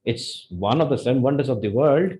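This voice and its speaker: Animated Indian English tutor, man. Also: brisk, poor audio. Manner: animated, demonstrates intonation with sudden pitch jumps. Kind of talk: live online spoken English lesson.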